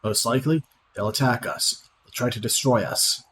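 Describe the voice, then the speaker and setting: A man's voice: medium pitch, moderate pace, a bit bright, lightly acted, rough recording. A man reading a scornful proud sorceress. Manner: reads aloud plainly with small slips. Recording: clear background noise.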